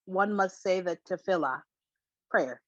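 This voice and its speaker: Female participant reading text aloud, low voice, unhurried, dry audio. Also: no echo, muffled recording. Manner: slow, careful reading. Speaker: class participant.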